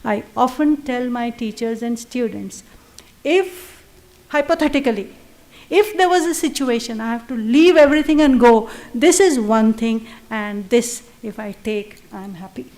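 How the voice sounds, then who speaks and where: A woman giving an earnest, reverent public lecture. She slows down to recite verse. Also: a little high, darkish tone. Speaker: guest speaker. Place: lecture at a public affairs institute.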